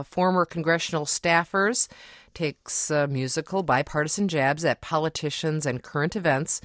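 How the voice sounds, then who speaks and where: A radio talk show host on a public radio call-in program, talking with guests and callers, often halting with ums and restarts. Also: medium pitch, a bit bright, dry recording, studio quality.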